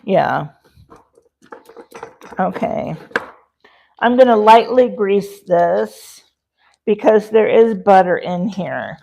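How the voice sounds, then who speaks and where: A woman's voice: mid-range voice, lively intonation, very slow, creaky, long pauses, mellow, lo-fi sound. A woman hosting a casual cooking livestream from her home kitchen, chatty and rambling, full of fillers and talking to her chat. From Rocky Mountains, USA. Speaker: livestream host.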